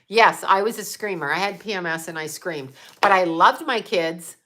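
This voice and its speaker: Middle aged psychic lady ranting on a livestream, bright punchy voice, blunt, swears a lot. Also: on the low side, normal speed. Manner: blunt and emphatic, swears freely. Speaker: psychic medium. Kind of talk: casual livestream monologue.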